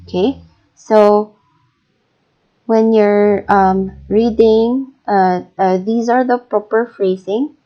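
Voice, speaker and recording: A Filipino woman teacher talks through a recorded lesson at an unhurried pace, patient and deliberate, saying example phrases slowly. Her voice is mellow, and the recording is dull and lo-fi. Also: mid-range voice, fairly even intonation. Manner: patient and deliberate, many fillers, models phrases aloud slowly. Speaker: English teacher.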